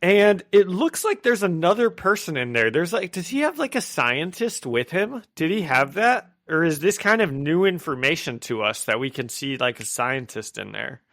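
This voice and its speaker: A man's voice: fairly high pitch, very animated, normal speed, hardly any pauses, a bit bright, no room sound, studio quality. A man co-hosting a comic book podcast, chatting casually, rambling and laughing often. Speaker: podcast co-host.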